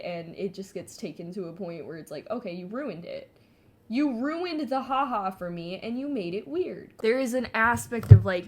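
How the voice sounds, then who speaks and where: A woman's voice: mid-range voice, fairly bright tone. A young adult woman chatting casually while she paints, rambling with lots of fillers and swearing freely. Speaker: artist and vlogger.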